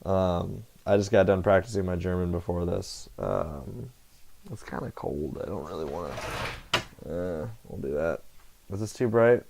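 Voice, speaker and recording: A young man talks loosely to his camera, drifting between thoughts, swearing freely and catching his own slips. His voice sits low and crackles with vocal fry. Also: a little slow, darkish tone. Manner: meandering, profane, self-correcting. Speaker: vlogger. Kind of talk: casual rambling monologue. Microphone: computer headset setup.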